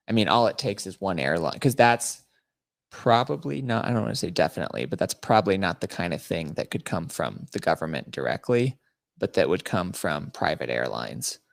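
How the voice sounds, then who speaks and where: Low gravelly guy cohosting a podcast, mocking and laughing, dry mic. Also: no echo. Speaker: podcast co-host. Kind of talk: casual chat.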